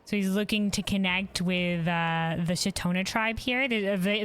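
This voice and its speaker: A woman's voice: medium pitch, normal speed, few pauses, fairly bright tone, smooth. A woman streaming a game, talking casually and rambling, self-deprecating and reading chat messages aloud.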